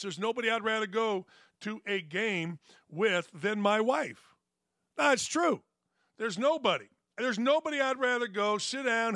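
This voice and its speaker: A middle-aged male sports talk host on a full rant, blunt and sarcastic, scoffing at his critics. His voice sits high and comes across bright and sharp. The studio sound is dry and close, with no room echo. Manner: blunt, sarcastic, mocking, laughs at his own jokes.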